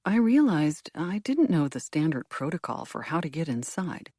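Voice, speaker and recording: A woman narrating a first-person mystery audiobook in an expressive storytelling manner. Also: low voice, moderate pace, breathy edge, no room sound, studio quality.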